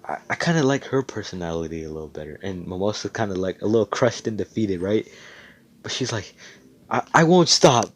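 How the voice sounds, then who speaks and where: A man casually telling a made-up fan story, rambling, swearing often, and getting excited, over a computer mic on voice chat. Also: low voice, fairly quick.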